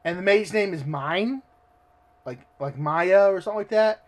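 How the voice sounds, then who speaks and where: A man reading a story aloud and ranting about it in excitable, profane commentary. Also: high-pitched, normal speed. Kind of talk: ranting read-along commentary.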